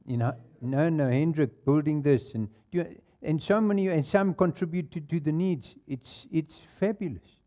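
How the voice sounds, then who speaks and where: South african pastor guy preaching in church, warm mellow voice, chuckles through his own stories. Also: on the high side. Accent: South African English. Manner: storytelling, laughing at his own anecdotes. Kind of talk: sermon.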